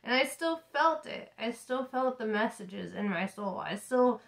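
A woman's voice: fairly high pitch, expressive, measured pace, gravelly, rough recording. A woman tarot reader talking casually to camera about spirituality, laughing often, swearing and speaking emphatically.

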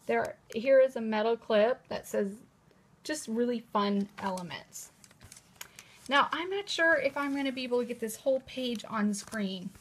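A chatty woman hosts a casual live-stream showcase from her table, gushing over each item. Her voice sits a little high, and she speaks toward a camera propped in a holder. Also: moderate pace, a little hiss or hum. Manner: gushing, chatty, repeats "how cute is that". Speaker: host presenting new planners. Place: indoors at a table at home.

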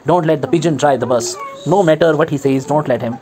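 A man's voice: fairly high pitch, fast, darkish tone, a little hiss or hum, lightly acted. A man playing a kind, friendly male bus driver giving instructions.

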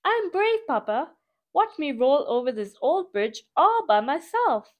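A woman's voice: high-pitched, sing-song, unhurried, voice pushed up. A woman voicing an eager young boy steam train who boasts in a bouncy way. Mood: boastful.

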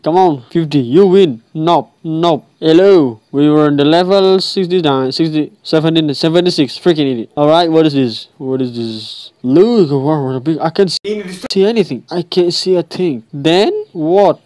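Young male game commentator, casual and chatty, slightly high, smooth voice, dry close sound. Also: moderate pace, a little mellow, dry recording. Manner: chatty, talks to game characters, repeats himself. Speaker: gameplay commentator.

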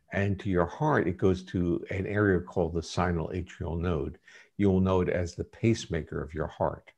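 A man, a guest scientist in an interview, giving measured, lecturing explanations. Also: low-pitched, gravelly, darkish tone, breathy edge.

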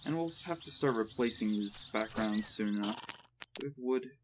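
A man's voice: on the low side, moderate pace, background noise. Man casually narrating his gameplay. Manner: relaxed, thinking aloud while playing. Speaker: gaming channel host. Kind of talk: let's play commentary.

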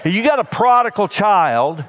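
Middle-aged male pastor, high-ish voice, dynamic sermon delivery with loud peaks and hushed drops. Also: big pitch swings, normal speed. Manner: dynamic preaching, swinging from emphatic highs to soft, hushed lows. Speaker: senior pastor.

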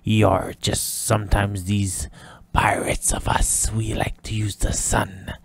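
A man's voice: medium pitch, slow pace, vocal fry, sharp tone, heavily acted. A man voicing a boisterous male pirate in a game commentary, growling pirate calls and telling rambling tales, his throat getting scratchy. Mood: storytelling. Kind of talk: gameplay commentary.

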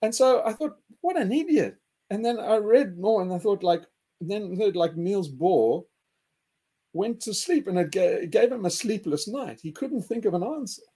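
Excitable husky man, lively pitch. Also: moderate pace. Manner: excitable, laughing, mocking, acts out quotes with jumps in pitch. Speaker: host. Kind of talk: animated group discussion.

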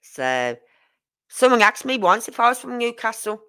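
A woman's voice: fairly high pitch, normal speed, clean tone. A woman, chatting casually on a livestream and acting out the dialogue in her stories. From Birmingham, England. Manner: animated storyteller acting out dialogue. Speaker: livestream host. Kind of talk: casual live chat.

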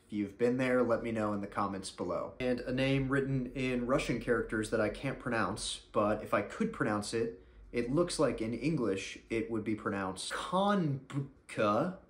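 A man's voice: medium pitch, moderate pace, roomy sound. An American man giving comedic commentary in a mock-serious, sarcastic, playful way. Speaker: YouTube commentator. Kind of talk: comedic commentary reading reviews.

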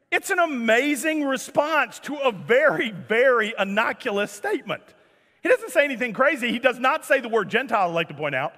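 High-voiced animated male pastor in a hall. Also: moderate pace, pauses often. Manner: animated, jokey, acts out scripture scenes. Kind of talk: sermon. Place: church sanctuary.

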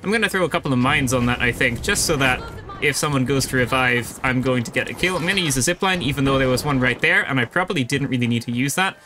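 A man's voice: mid-range voice, fast talker, music in the background. A young man giving casual live commentary while playing a video game, explaining his choices as he goes. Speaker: gaming YouTuber.

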